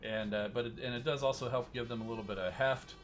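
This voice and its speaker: A toy collector and channel host with a mid-range voice speaks fast in a steady tone over soft background music. In a casual livestream show-and-tell, he shows off collectible figures, rambling with many fillers and restarts.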